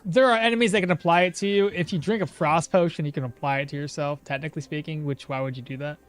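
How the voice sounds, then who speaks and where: A man's voice: on the high side, steady tone, fast talker. A man streaming a game, chatting with his viewers, thinking aloud and laughing often. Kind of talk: casual live-stream commentary.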